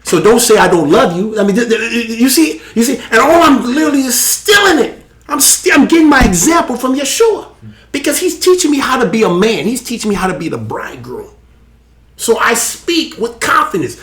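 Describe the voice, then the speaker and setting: A man hosting a live show, preaching with emphatic, animated delivery and laughing asides. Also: high voice, normal speed. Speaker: host.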